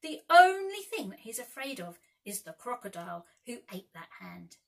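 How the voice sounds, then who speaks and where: A woman voicing a boastful boy who never grows up, calling out loudly in a children's storybook reading. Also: a little high, moderate pace, gravelly, far from the mic, full character voice. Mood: telling. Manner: loud, excited calls.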